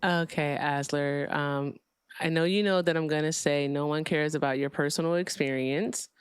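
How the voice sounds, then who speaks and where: A woman's voice: deep voice, fairly even intonation, normal speed, clear, resonant tone, no room sound. A woman hosting a livestream debate, casual, blunt and profane, sounding tired.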